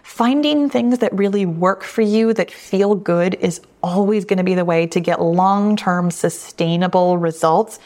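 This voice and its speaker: A woman's voice: fairly low pitch, measured pace, hardly any pauses. A middle-aged woman hosting a weight loss podcast, answering listener questions in a reassuring, conversational way. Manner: warm, reassuring, conversational with frequent restatements.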